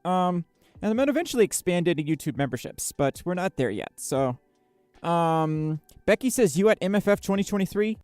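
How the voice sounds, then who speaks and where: A woman's voice: fairly low pitch, big pitch swings, fairly quick, darkish tone, dry recording, soft background music. A woman chatting casually on a livestream, bubbly and giggly, reading chat messages aloud with lots of fillers. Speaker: streamer.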